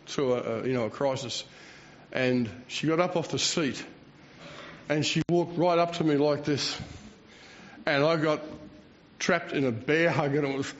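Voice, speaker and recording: The pastor, a man in his sixties, speaks at a measured pace in a voice on the high side. In a dull, lo-fi recording, he wanders through a self-mocking sermon and chuckles between his phrases.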